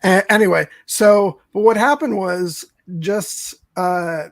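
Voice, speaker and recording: A man's voice: high-pitched, slow, creaky, no echo. A man co-hosting a casual film podcast, telling a long rambling story full of fillers. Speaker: podcast co-host. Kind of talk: casual film review chat.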